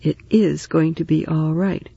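A man's voice: fairly high pitch, fairly even intonation, a little slow, vocal fry, dark tone, slightly rough, dry recording, lo-fi sound, heavily acted. A man voicing a talkative, motherly woman neighbor who comforts and teases in a storybook reading. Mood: chatty.

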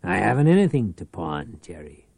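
A man's voice: low-pitched, big pitch swings, moderate pace, vocal fry, darkish tone, no room sound, full character voice. A man playing a cold, controlled power broker. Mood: calm. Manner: cold and patient.

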